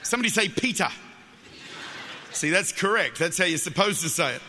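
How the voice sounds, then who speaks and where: A man's voice: high-pitched, brisk, big-room sound, a little hiss or hum. A man with an Australian accent preaching a Pentecostal sermon, telling stories with jokes and often repeating his words as he goes. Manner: animated storytelling with jokes, stumbles and repeats words. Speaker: guest preacher.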